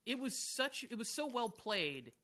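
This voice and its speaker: A man co-hosting a sports podcast who gives quick, opinionated takes and mimics the people he discusses. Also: very high-pitched, big pitch swings, pushed and bright. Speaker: co-host. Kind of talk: casual sports talk.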